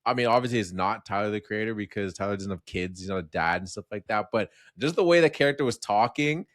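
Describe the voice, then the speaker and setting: A man co-hosting a casual film review podcast, relaxed and agreeable, laughing often. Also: lowish voice, quick pace, dry recording, studio quality. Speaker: podcast co-host.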